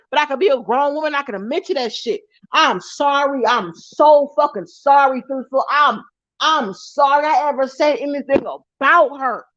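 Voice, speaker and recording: A woman's voice: high voice, no room sound, lo-fi sound. Heated woman ranting on a livestream. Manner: heated, repetitive, profane ranting. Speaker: live-stream vlogger. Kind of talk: angry ranting live stream.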